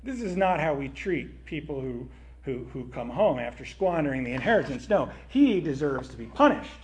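A man's voice: mid-range voice, very animated, moderate pace, breathy edge. A man voicing a resentful older brother who complains in a strained, indignant voice.

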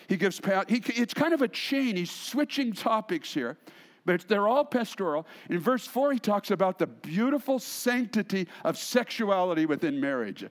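A man preaching a sermon as pastor, expressive, swinging between emphatic lines and hushed asides. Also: high-pitched.

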